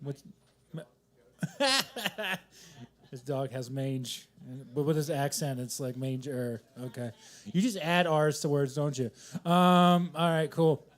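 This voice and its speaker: A man's voice: on the high side, takes it slowly. A man doing stand-up at a coffee shop open mic, rambling and self-deprecating as he riffs from joke to joke, on a handheld mic. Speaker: stand-up comedian.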